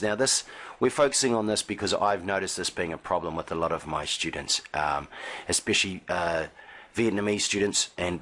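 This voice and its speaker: A man with a very low voice gives a pronunciation lesson straight to camera. He is patient and demonstrative, lingering on long sounds and snapping out short ones to show the difference. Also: a bit bright. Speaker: IELTS teacher.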